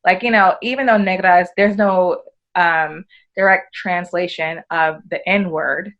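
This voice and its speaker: A woman's voice: on the low side, a little slow, dull audio. An American woman, a podcast guest, chatting casually and acting out quoted dialogue as she tells her stories. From United States. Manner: animated, acts out quoted dialogue. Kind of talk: casual conversational storytelling.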